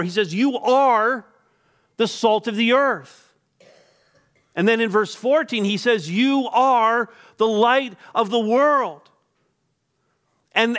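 Male pastor, high voice, emphatic sermon delivery. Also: a bit bright. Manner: emphatic preaching with repeated words and pauses.

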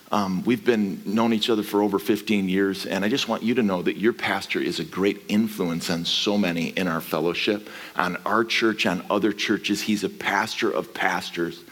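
A man preaching a sermon as a guest pastor, energetic and swinging from quiet asides to shouting. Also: mid-range voice, big-room sound. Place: church sanctuary.

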